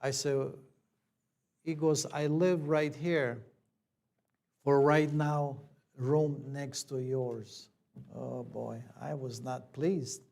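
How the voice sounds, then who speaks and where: A man's voice: mid-range voice, steady tone, extremely slow, vocal fry, long pauses, a little mellow. A man, a church elder, telling a personal story in a plain conversational sermon, acting out the dialogue.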